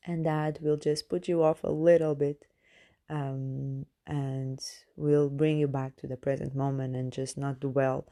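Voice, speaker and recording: A woman's voice: very deep voice, dark tone. A woman who is not a native English speaker hosts a podcast as a coach, talking through meditation tips with many fillers and restarts. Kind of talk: casual self-help monologue.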